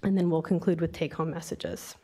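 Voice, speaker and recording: A woman with a slightly low, scratchy voice from a passing cold gives a technical lecture. She explains at a measured pace and fills her pauses with frequent ums. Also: fairly even intonation, warm tone. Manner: many filler ums, measured explanatory delivery. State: getting over a cold, scratchy voice. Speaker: invited speaker, environmental engineer. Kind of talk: technical presentation.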